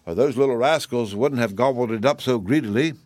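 A man's voice: mid-range voice, a little fast, a little mellow, no room sound, close to an everyday voice. A man voicing a cheerful young boy in a storybook reading, hearty.

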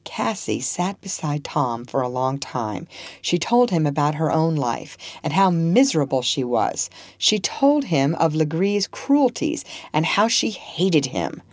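A woman's voice: sits low, very animated, measured pace, a little mellow, no echo. A woman reading a storybook aloud, acting out the characters with expression. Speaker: narrator.

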